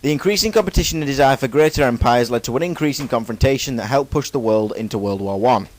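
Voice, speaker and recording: A young man talks through a school presentation in a relaxed, joking way and keeps cracking self-mocking asides between the facts. The recording is dry and close, with almost no room sound. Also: mid-range voice, fast talker, no echo, low-quality recording. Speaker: student presenter. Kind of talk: casual jokey school presentation.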